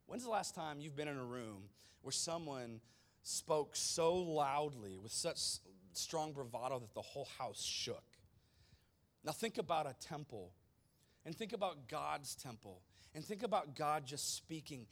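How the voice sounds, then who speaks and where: A man preaching a sermon to his congregation, speaking dramatically and addressing listeners directly, swinging from hushed tones to loud emphasis. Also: medium pitch, animated, normal speed. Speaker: pastor.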